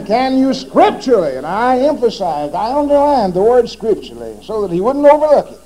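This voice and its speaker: A man's voice: sits high, sing-song, fairly quick, dark tone, rough recording. A man giving a formal religious debate speech, pressing his opponent with repeated rhetorical questions.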